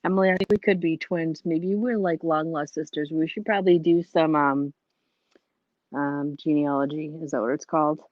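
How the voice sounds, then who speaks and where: A woman's voice: sits low, fairly even intonation, moderate pace, dry recording, highs cut off. A tired woman chatting casually as a livestream guest, rambling and laughing often, her voice worn from lack of sleep. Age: adult with a child. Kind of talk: casual chat.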